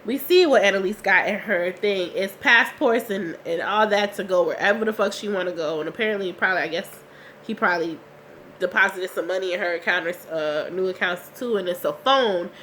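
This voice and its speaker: A young woman recaps a TV episode from her couch at home, talking in a loose, slangy, chatty way. She is under the weather, so her voice comes out a bit rough. A faint hiss sits under the recording. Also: mid-range voice, normal speed, a bit bright. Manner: chatty, slangy, reacting with laughs and asides. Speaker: TV recap vlogger.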